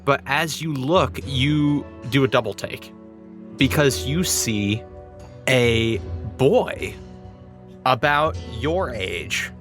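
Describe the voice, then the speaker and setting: A man at a middle pitch narrates a tabletop game as game master. He tells the scene in a loose, storytelling way with small restarts. Soft music sits under his voice. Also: lively intonation, drawn-out words.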